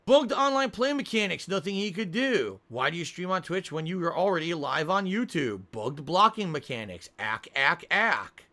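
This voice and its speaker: A man streaming live gameplay, ranting defensively with swearing and bursting into loud laughs between his commentary. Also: high-pitched, very animated, normal speed, hardly any pauses. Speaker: video game streamer.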